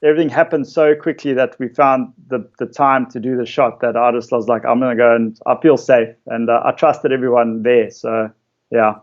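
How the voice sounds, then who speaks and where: A man, a photographer casually telling stories about his shoots in a relaxed way, with lots of fillers. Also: medium pitch, moderate pace, muffled recording. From South Africa. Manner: relaxed storytelling with many fillers. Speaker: interviewed photographer. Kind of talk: casual conversation.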